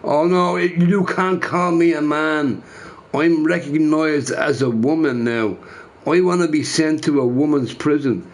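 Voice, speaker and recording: A man's voice: a little high, unhurried, natural voice. A man mocking a scheming male prisoner. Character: male prisoner claiming to be a woman.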